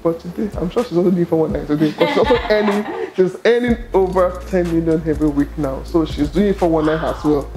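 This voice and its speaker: A middle-aged Nigerian woman telling her story as an interview guest, expressive and quick to laugh. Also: fairly low pitch, over music. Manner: expressive, laughs often, acts out quoted dialogue. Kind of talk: animated personal storytelling.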